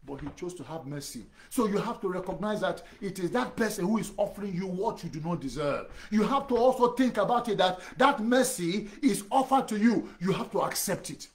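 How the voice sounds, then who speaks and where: A pastor preaches in a high-pitched man's voice. He speaks emphatically, hammers home repeated phrases and turns straight to the listener as his brother or friend. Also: lively intonation, a little fast, few pauses. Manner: direct address to the listener. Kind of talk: sermon.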